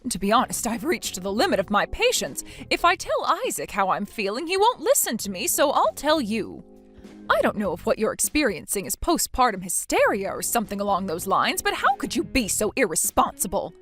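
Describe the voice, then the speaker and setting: A woman's voice: mid-range voice, wildly swooping pitch, a little fast, fairly bright tone, soft background music. A synthetic female voice playing an indignant friend who scolds with pointed questions. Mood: accusing. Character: indignant woman friend, accusing and shrill.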